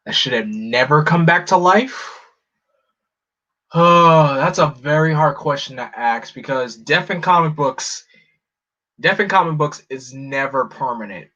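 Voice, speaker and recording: Excitable rambling male streamer. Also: fairly high pitch, a little slow. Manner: excitable, rambling, restarts often. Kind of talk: casual live-stream chat. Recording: slightly muffled lo-fi audio.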